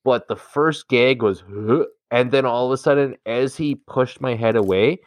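A man's voice: medium pitch, unhurried, no room sound. A man from Canada, co-hosting a podcast and telling raunchy stories in loose, laughing casual chat. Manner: bawdy, storytelling, laughing often. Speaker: podcast co-host.

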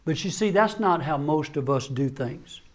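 An older man, a family doctor, giving a sermon-style talk to men, with folksy humorous stories and soft, low-voiced serious moments. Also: animated, moderate pace. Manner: folksy, humorous storytelling with dry asides. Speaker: family doctor and conference speaker.

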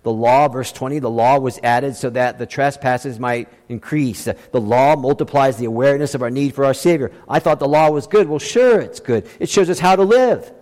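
A middle-aged male pastor preaching a sermon emphatically, repeating key phrases and swinging between hushed and raised delivery. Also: medium pitch, moderate pace, few pauses. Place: church sanctuary. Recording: preaching in a reverberant hall.

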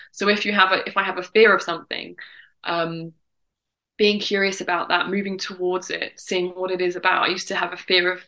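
A woman's voice: on the low side, bright, forceful tone, poor audio. A woman guest from the UK talking in a reflective, encouraging way, with frequent fillers and restarts. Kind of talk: casual conversation.

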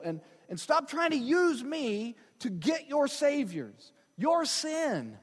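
A man preaching a sermon as pastor, emphatic and animated, repeating phrases for stress. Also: extremely high pitch, takes it slowly, few pauses. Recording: long hall reverb.

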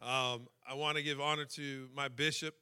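A man preaching a sermon, emotional and personal, building to shouted fervor. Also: mid-range voice, level tone, moderate pace, smooth.

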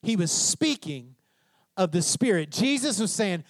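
A man with a high, bright voice preaches a sermon, telling the story with energy and acting out quoted lines. The sound is close and dry, with no room echo. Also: unhurried. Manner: animated storytelling preacher, acts out quotes, asks "tracking?". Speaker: pastor.

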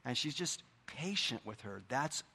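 A middle-aged man preaching a sermon, earnest and conversational, dropping into quiet asides. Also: medium pitch, lively intonation, unhurried, slightly rough. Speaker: pastor.

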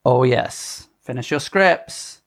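A middle-aged man hosting a casual podcast at a middling pitch. He rambles, chuckles often and stops mid-sentence to correct himself. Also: slow. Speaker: podcast host.

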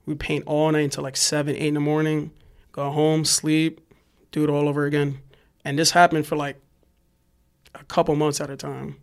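A young man from New York telling a wild story in a casual chat, animated and profane, acting out the shouting cops. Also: fairly high pitch, normal speed, vocal fry, long pauses. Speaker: podcast guest, graffiti writer.

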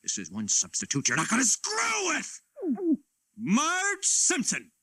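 An actor voicing a big, angry, bullying male school enforcer in a cartoon, barking menacing threats in a gravelly yell. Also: very high voice, huge pitch swings, a little slow, no echo, studio quality, heavily acted. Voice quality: gravelly, yelling. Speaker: cartoon character.

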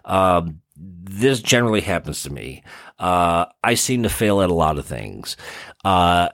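Man, Midwestern American accent, low voice, dry close recording, casual podcast explainer. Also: big pitch swings, measured pace, fairly bright tone, no echo. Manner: conversational, explains with everyday examples. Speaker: podcast host explaining therapy concepts.

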